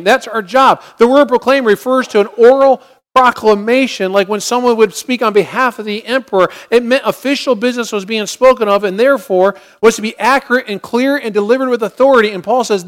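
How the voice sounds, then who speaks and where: High-voiced earnest preacher. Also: male voice, fairly quick, long reverb tail. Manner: earnest preaching, acts out prayers and inner voices. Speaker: pastor. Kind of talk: sermon.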